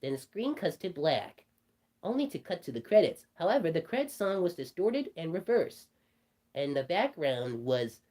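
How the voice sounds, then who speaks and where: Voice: mid-range voice, very animated, normal speed, dark tone. Someone doing Bugs Bunny, rambling storyteller. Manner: rambling, stumbling restarts. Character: cartoon rabbit telling a creepy story. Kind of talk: storytelling in character.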